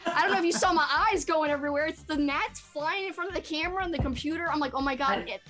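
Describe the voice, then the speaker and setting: A woman's voice: very high voice, fast talker, a bit bright, faint music behind. A woman hosting a casual chat, laughing constantly and apologizing between sentences. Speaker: host.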